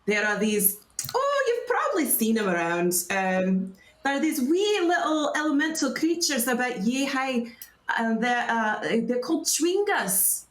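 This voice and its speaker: A woman's voice: sits high, sing-song, measured pace. A woman voicing a bundled-up female scholar, friendly and rambling, with a put-on Welsh accent. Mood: chatty. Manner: friendly, rambling, stumbles a little. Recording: roomy echo, faint noise.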